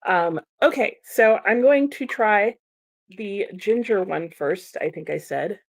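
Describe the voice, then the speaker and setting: A young American woman, a streamer and book vlogger, chats casually on a livestream, reading viewer comments aloud and laughing often. Her medium-pitched voice is animated and slow.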